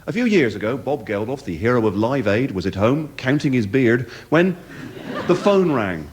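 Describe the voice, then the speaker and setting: A British man performing live comedy, telling a story in an animated, mock-dramatic way. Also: mid-range voice, moderate pace, husky. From Britain.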